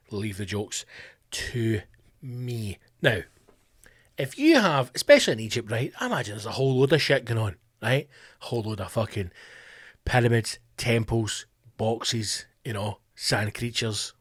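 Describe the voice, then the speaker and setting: A middle-aged man with a Scottish accent, hosting his own podcast in a profane comedic rant, sweary and animated. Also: mid-range voice, no echo, clean studio sound. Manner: sweary, animated, slips into mock voices. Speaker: podcast host.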